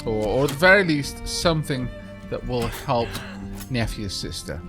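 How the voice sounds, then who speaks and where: A man's voice: mid-range voice, lively intonation, normal speed, music in the background. A man hosting a game let's play, chatting casually with many fillers and reading the game's dialogue aloud. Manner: chatty, many ums and uhs, reads game text aloud.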